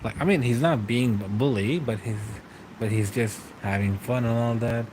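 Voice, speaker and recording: A man in his thirties chatting casually on a late-night stream, rambling and halting, laughing often between thoughts. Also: medium pitch, background noise. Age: 30s.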